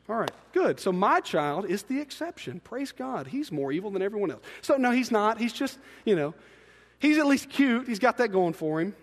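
High-voiced male pastor preaching in a hall. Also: big pitch swings, normal speed. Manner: joking asides between scripture readings. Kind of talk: sermon. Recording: long hall reverb.

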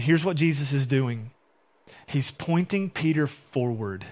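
A man's voice: medium pitch, lively intonation, unhurried, a little mellow. A young adult man preaching a sermon in a casual, conversational way, acting out quotes. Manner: conversational, acts out quotes in different voices. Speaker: pastor.

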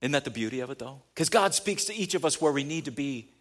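A man's voice: medium pitch, expressive, fast, fairly bright tone. A man preaching a sermon in a conversational way, building to emphatic peaks. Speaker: pastor.

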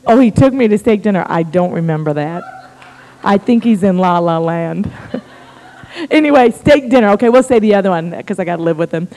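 A middle-aged American woman, a missionary, telling a story in a sermon with humor and a conversational, animated manner. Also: fairly low pitch, normal speed. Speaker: missionary guest speaker. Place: church sanctuary. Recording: reverberant church hall.

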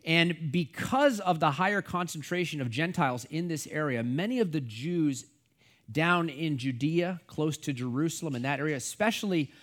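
Man, middle-aged, american pastor, casual rambling bible teaching, fillers and asides, slightly higher voice. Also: moderate pace, a bit bright. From United States.

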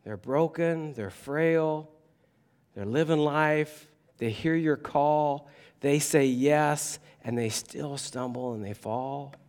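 Casting: male pastor, slightly high voice, animated conversational sermon delivery. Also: takes it slowly, smooth. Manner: animated, conversational preaching with humor.

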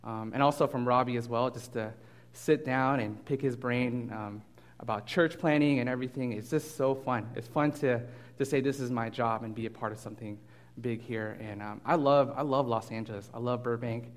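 A man preaching a casual, animated sermon as a guest pastor, with frequent fillers and restarts. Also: mid-range voice, normal speed.

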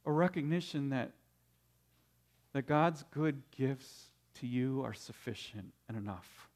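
A man's voice: medium pitch, expressive, measured pace, a little mellow. A man preaching a sermon in an earnest way, often repeating words as he builds to a point. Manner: tells a story with quoted voices. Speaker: pastor.

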